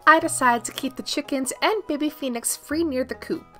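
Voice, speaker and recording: A woman's voice: high voice, moderate pace, a bit bright. A young woman, a gaming YouTuber, giving upbeat, playful scripted narration of her gameplay as a voice-over. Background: faint background music.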